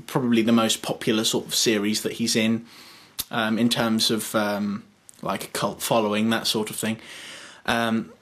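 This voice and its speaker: A man's voice: medium pitch, fairly bright tone. A man casually explaining a how-to, hesitant and full of ums, modest about his own skill. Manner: hesitant, lots of ums, self-deprecating. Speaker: video tutorial maker.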